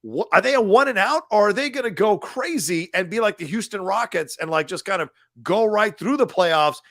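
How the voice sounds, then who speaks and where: Animated profane man talking football. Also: high-pitched, a little fast, no room sound, clean studio sound. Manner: animated, profane, laughs often. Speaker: sports podcast co-host. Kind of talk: casual sports talk.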